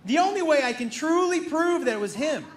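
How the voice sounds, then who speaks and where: A man doing stand-up, telling a story in an animated, profane way and acting out both sides of a conversation, on a stage before a live audience. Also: very high-pitched, a little fast, echoey room, slight background noise. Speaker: stand-up comedian.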